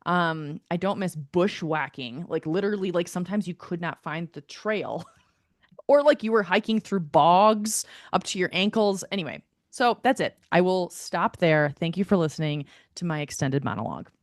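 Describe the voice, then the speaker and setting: Animated lower-pitched woman telling a story. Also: moderate pace, dry recording, studio quality. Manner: animated storytelling, filler-heavy, swears. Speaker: podcast co-host. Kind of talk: casual chat.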